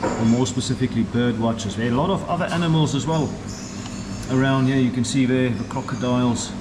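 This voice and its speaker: A middle-aged man, vlogging casually on a walking tour and cooing at the birds in a sing-song voice as he goes. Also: fairly quick. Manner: chatty, coos at birds in a high sing-song voice. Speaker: travel vlogger. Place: outdoor bird park. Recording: outdoor clip with loud bird noise.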